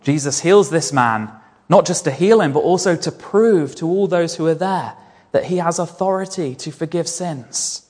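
A man's voice: fairly high pitch, normal speed, a little mellow. Guy preaching a sermon, earnest, repeats stuff for emphasis, big echoey hall. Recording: long reverb of a large hall.

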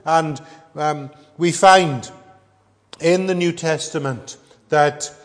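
A middle-aged man preaching a sermon, earnest and measured, pausing often with ums. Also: fairly high pitch. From Wales. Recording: echoey hall with long reverb.

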